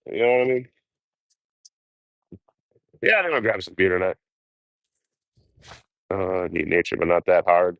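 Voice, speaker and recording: Deep-voiced man cursing through casual chat. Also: normal speed, gravelly, long pauses, clear, resonant tone, no echo, highs cut off. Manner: profane, rambling, talks to viewers. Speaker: livestreaming traveler.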